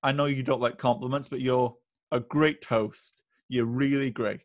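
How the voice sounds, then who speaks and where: A man's voice: medium pitch, steady tone, normal speed, no echo, clean studio sound. A young man, a student, chatting casually as a podcast guest, hesitant and easygoing. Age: young adult. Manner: hesitant, restarts and fillers, easygoing.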